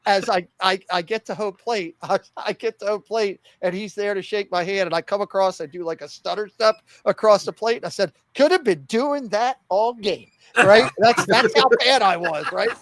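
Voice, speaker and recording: Podcast co-host, middle-aged man with a high voice, casual and animated, acts out every quote. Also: moderate pace, dry recording. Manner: animated, laughing storyteller who acts out quoted lines. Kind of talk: casual storytelling chat.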